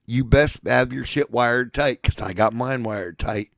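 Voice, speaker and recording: A man delivering a furious, profane rant, shouting at times and at others dropping to a low seething threat. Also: unhurried, gravelly, no room sound, rough recording. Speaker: ranting speaker.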